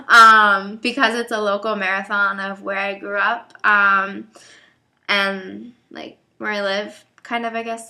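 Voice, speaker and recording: A young woman speaks to her viewers in a bright, forward voice. She rambles and hesitates, leaning on fillers as she goes, in a loose, unscripted vlog manner. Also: mid-range voice, creaky. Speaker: vlogger. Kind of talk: casual talk to camera.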